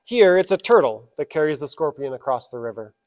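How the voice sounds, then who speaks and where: A man's voice: a little high, very animated, a little fast, darkish tone. A man preaching a sermon as pastor, telling fables and leading prayer reverently. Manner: storytelling, then reverent prayer.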